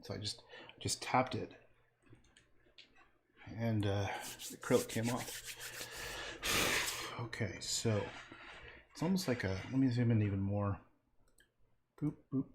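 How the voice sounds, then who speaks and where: A man's voice: on the low side, takes it slowly, long pauses, a little hiss or hum. A man painting and chatting casually on a livestream, rambling and trailing off into muttered asides.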